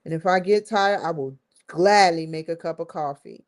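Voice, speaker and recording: A woman hosting a casual study vlog, thinking aloud, muttering to herself and breaking into excited exclamations. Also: on the low side, moderate pace, low-quality recording. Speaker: host.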